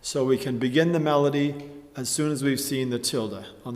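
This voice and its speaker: A man teaching a chant tutorial, explaining slowly and carefully and often clearing his throat. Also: mid-range voice, big-room sound. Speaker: music teacher.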